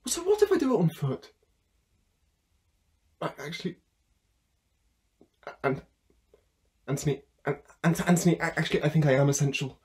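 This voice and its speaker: A man's voice: fairly high pitch, wildly swooping pitch, normal speed, pauses often, a little mellow. A young man acting as a desperate food courier on the phone, stammering, pleading and bursting into anger. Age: young adult. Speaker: student actor. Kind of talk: theatre monologue performed online.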